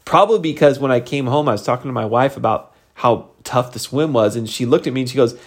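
Animated middle-aged man coaching his team. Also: fast talker. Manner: animated, conversational, jumps high for emphasis. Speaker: sales team leader and coach. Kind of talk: motivational vlog talk.

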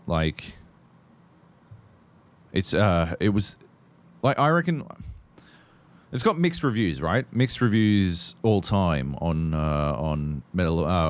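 A man's voice: low-pitched, expressive, slow pace, pauses often. A man co-hosting a podcast, chatting casually about games while swearing constantly and rambling through stories. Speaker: podcast co-host. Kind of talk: casual gaming chat.

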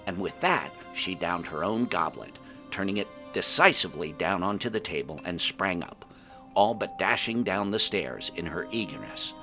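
A man's voice: deep voice, animated, moderate pace, bright, forceful tone, faint music behind. A man narrating a fantasy adventure in the first person, reading it aloud expressively. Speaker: storyteller.

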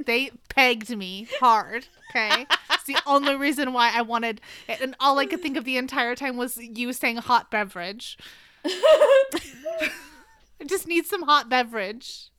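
A woman co-hosting a podcast, telling a joking, casual anecdote with quick asides. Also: on the high side, pushed and bright, smooth, dry recording. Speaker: podcast co-host. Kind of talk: casual chat.

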